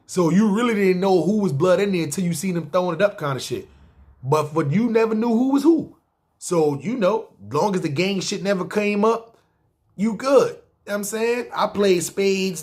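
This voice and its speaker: A man's voice: high voice, normal speed, a little mellow. A man in his thirties with a New York accent, telling a long personal story in slangy casual talk and often checking in with the listener. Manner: slangy street talk, keeps asking "see what I'm saying". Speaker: storyteller host.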